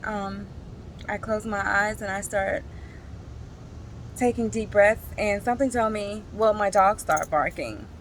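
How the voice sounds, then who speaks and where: A woman and single parent, slowly sharing a personal emotional story in a reflective vlog, tearful at times. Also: medium pitch, slight background noise, rough recording. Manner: slow, halting, emotional storytelling.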